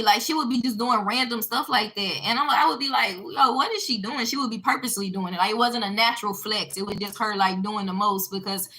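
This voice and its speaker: A woman talks straight to her audience in a casual, emphatic rant, pressing her points with a preacher's insistence. Her voice sits a little high and rings sharp and bright. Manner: emphatic and preachy, with religious asides. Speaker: online commentator answering a viewer. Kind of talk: casual ranting monologue.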